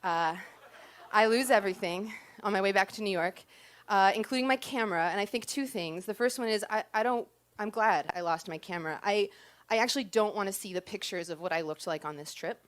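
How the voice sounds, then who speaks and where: A woman tells a comic story from her own life, talking to the crowd like friends. Her voice sits at an ordinary middle pitch, and she undercuts herself with dry, self-mocking punchlines. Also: a little fast. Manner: self-deprecating, conversational, punchline timing. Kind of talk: comic personal storytelling performance.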